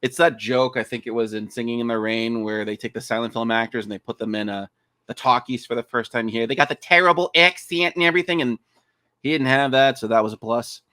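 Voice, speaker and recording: Man, casual interview guest, animated, swears freely, dry close sound. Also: mid-range voice, a little fast, dry recording. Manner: animated, swears, acts out quotes in funny voices. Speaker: podcast guest, fan film director.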